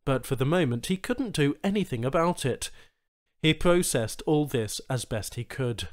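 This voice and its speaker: A man with a medium-pitched voice performs a scripted science fiction short story as an audiobook reader. He moves at normal speed and brings expressive storytelling to the text.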